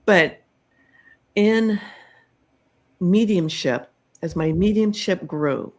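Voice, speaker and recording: A middle-aged woman hosting a podcast, telling a personal story in a slow, reflective way with many pauses and ums. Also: on the low side, a little mellow. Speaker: podcast host telling her own story.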